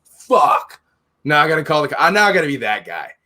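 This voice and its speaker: A middle-aged man with a forceful, bright voice tells a story in casual chat. He swears at nearly every turn and plays out both sides of a quarrel. His pitch sits a little high for a man. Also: huge pitch swings, a little fast. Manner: blunt, heated, swears constantly, acts out both sides of arguments. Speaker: podcast host, store owner.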